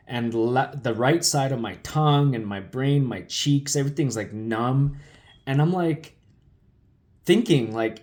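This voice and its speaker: A man's voice: mid-range voice, a little slow, darkish tone. A man telling his life story in an emotional, loose way, with many fillers and restarts. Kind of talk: personal storytelling talk.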